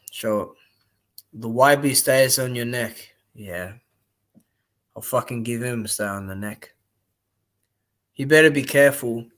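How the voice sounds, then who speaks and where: A man's voice: mid-range voice, a bit bright. A young man giving casual, rambling live-stream commentary on boxing, blunt and swearing freely.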